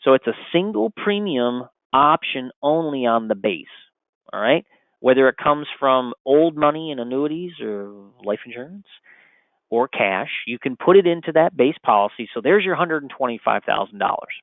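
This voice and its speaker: A man pitches a financial product to advisors in an upbeat, salesy way, tossing out rhetorical questions as he goes. His voice comes through thin and tinny, like a phone call. The sound is dry, with no room echo. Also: lively intonation, moderate pace, gravelly. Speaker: insurance product presenter.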